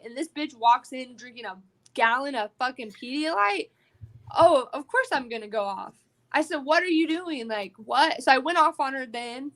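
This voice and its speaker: A woman bare-knuckle fighter telling her story in a casual podcast interview, animated and profane, full of "like". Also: high-pitched.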